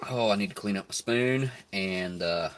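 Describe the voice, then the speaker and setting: A man's voice: on the low side, moderate pace, slight background noise. Laid-back man on a live stream. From United States. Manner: laid-back, chuckles often, talks between bites. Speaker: live stream host reviewing rations. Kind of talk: casual live stream chat while eating.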